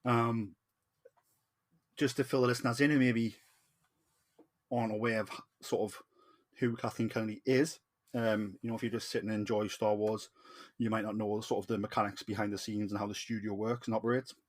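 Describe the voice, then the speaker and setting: A man's voice: lowish voice, steady tone, moderate pace, long pauses. A man with a Geordie accent hosting a podcast, chatting enthusiastically with plenty of ums. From Newcastle, northeast England. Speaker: podcast host. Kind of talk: casual podcast chat. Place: home podcast setup in Newcastle.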